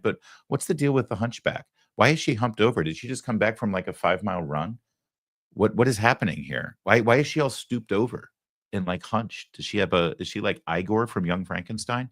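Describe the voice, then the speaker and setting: Low-voiced guy hosting a talk show, sarcastic, dry studio sound. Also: dry recording. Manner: sarcastic, mocking asides. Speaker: host. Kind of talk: political talk show commentary.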